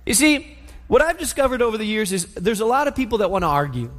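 A man with a high voice preaching a sermon. He tells the story in an animated way and acts out the scenes. His voice carries through a church hall with a long reverb. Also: fast talker.

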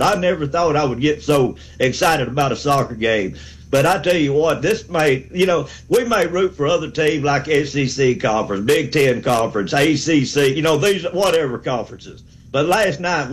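A man's voice: on the high side, rough recording. A man, calling in to a sports talk show with a fervent, rambling pep talk. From Alabama. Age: 60s. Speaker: caller.

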